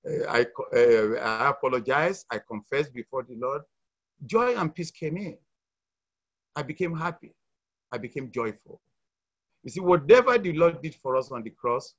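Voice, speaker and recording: A middle-aged man from Nigeria giving an earnest church testimony, hesitant, with fillers and restarts, rising loud and dropping soft. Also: medium pitch, lo-fi sound. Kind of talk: testimony sharing at a church meeting.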